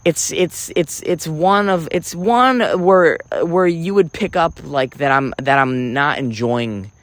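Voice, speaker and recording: A man's voice: on the high side, slow pace, a bit bright, no room sound. A man delivering a rambling comic monologue, theatrical and profane, often breaking off and restarting. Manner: theatrical, profane, self-interrupting. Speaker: vlogger.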